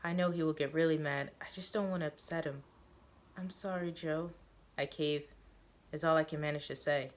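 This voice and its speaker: A woman reading a first-person story aloud, halting now and then with fillers and self-corrections. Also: deep voice, steady tone. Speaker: reader of a story.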